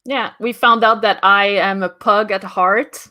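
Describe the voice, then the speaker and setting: A woman's voice: mid-range voice, fairly even intonation, unhurried, crowd noise. A woman chatting as a podcast guest, playful and joking about herself. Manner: playful, self-deprecating. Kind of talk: casual chat.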